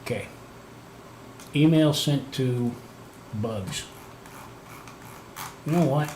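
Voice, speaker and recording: A Canadian man hosts a casual livestream in a very slow, medium-pitched, darkish voice, rambling and poking fun at himself with plenty of fillers and restarts. The room is echoey, with faint noise in the background.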